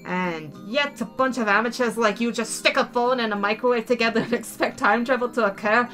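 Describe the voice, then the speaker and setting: A woman voicing a sharp, skeptical young female scientist who speaks in a tart, exasperated way. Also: fairly high pitch, fairly quick, soft background music.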